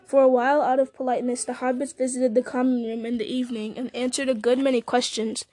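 A woman reading a novel aloud, steady, with small slips and restarts. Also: high voice, fast, no echo. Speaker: audiobook reader.

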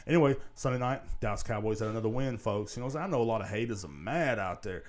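A man's voice: on the low side, fast talker, darkish tone. A man hosting a casual solo podcast, rambling and swearing constantly and repeating "you know what I'm saying" into a podcast microphone. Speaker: podcast host.

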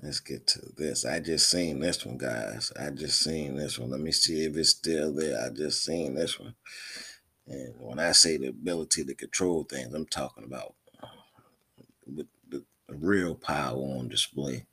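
A man's voice: very deep voice, a little slow, creaky, pushed and bright, husky. A man hosting a podcast in a casual, rambling way, often repeating his words. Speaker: podcast host.

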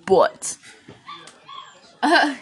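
A woman hosting a casual solo podcast from her bedroom at home, rambling and chatty, swearing freely and laughing often. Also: very slow. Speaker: podcast host. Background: puppies crying.

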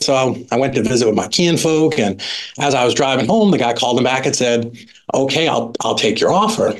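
A middle-aged man telling a story as a podcast guest, with a lively conversational telling full of "like" and "right?". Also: medium pitch, fairly quick. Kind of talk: casual storytelling.

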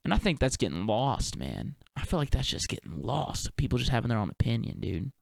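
Young man, podcast host, rambling monologue, slangy and profane, mid pitch, dry close sound. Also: very animated, fairly quick, vocal fry, a little mellow, dry recording. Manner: loose, profane, stream-of-consciousness musing; laid-back slang with many fillers. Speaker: podcast host and touring performer.

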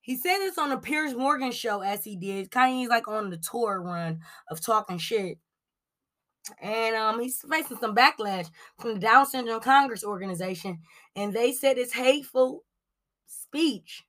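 Hosting a celebrity gossip show, this woman from Cleveland, Ohio speaks at a measured pace in a voice that's a little high. Her talk is casual and chatty, full of "like" and "um," with lively asides.

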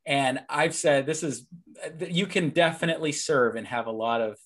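A man's voice: mid-range voice, moderate pace, a bit bright. A man hosting a casual faith conversation, sharing anecdotes reflectively and correcting himself as he goes.

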